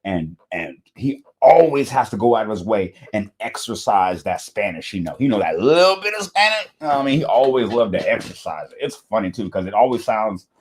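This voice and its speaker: A man hosting a reaction video, talking in casual, animated, slangy commentary with frequent laughs and swearing. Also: on the low side, fairly quick, few pauses, breathy edge.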